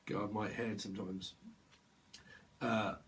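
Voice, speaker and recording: A man's voice: lowish voice, level tone, slow, fairly bright tone. A man giving a casual tarot reading on camera, rambling and playing with words. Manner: rambling, playful wordplay, laughs often. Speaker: tarot reader.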